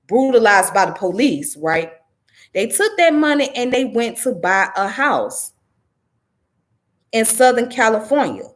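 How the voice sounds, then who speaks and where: A woman with a somewhat high-pitched voice reads a news article aloud at an even pace. She breaks off often to comment on it. Her commentary is blunt, profane and indignant. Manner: indignant, profane, rising to angry outbursts. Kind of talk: reading news and ranting commentary.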